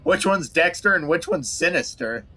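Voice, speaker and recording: A man's voice: on the high side, expressive, normal speed, pushed and bright. A man commentating casually over a video game, reading its text aloud with wry, swearing asides. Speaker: game streamer. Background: game music.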